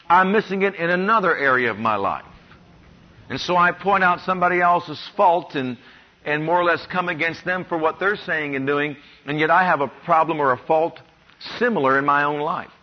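A man preaching to his congregation in a fairly high voice. He reads scripture slowly and weighs each phrase, and the recording sounds dull and lo-fi. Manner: preacher reading scripture slowly, then telling stories with quoted voices. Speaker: pastor. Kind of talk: sermon. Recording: muffled lo-fi sermon recording.

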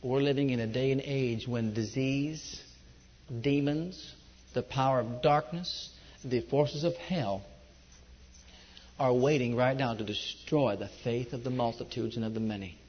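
A middle-aged man preaching a sermon, telling his own testimony with passion, moving between loud, high outbursts and low, hushed stretches. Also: measured pace. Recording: dull echoey hall recording.

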